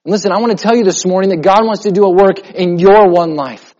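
High-pitched guy preaching a sunday sermon, hammers his points with repetition, slightly muffled, long echo in the church. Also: fast talker. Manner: emphatic preaching with repetition, drops to a soft voice in prayer. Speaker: pastor. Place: church sanctuary. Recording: muffled sound in a reverberant hall.

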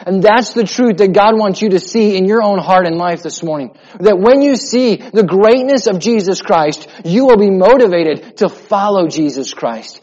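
A man, a pastor, preaching a sermon with emphatic repetition and a steady build toward his point. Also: sits high, normal speed, hardly any pauses. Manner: emphatic preaching with repetition, drops to a soft voice in prayer. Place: church sanctuary. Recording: muffled sound in a reverberant hall.

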